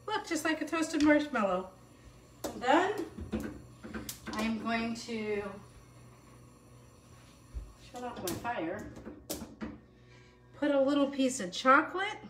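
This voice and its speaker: A woman's voice: on the high side, animated, slow pace, pauses often, a bit bright, echoey room, slight background noise. A middle-aged woman hosting a live home cooking show, bubbly and chatty, laughing at herself as she goes. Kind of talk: live cooking stream, casual chat. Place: home kitchen.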